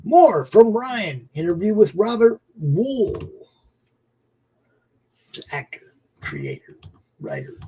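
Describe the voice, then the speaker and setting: A man's voice: high-pitched, huge pitch swings, slow pace, long pauses, warm tone, slightly rough, low-quality recording. A man co-hosting a casual livestream chat, rambling and offhand and swearing casually as he looks over new comics. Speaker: co-host.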